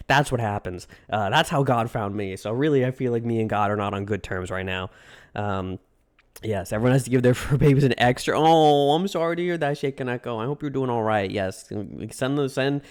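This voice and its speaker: A man livestreaming and chatting casually with viewers, greeting them in singsong runs and joking in a dramatic, self-mocking way. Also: on the low side. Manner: repeats greetings in a singsong run. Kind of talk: casual chat with live viewers.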